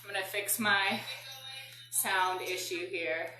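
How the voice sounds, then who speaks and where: A woman's voice: mid-range voice, fairly even intonation, slow, music in the background. Breathless, echoey woman fitness coach. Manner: upbeat coaching with counting and audible exhales. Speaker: fitness and yoga instructor. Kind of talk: live workout class instruction. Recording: very echoey room, distant mic, faint noise.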